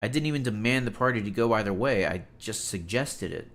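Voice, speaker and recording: A man with a fairly low voice talks casually to his live-stream audience. He rambles and gets exasperated, leaning on "like" as he jumps between stories and reactions. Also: brisk. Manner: animated, exasperated and rambling, with lots of "like".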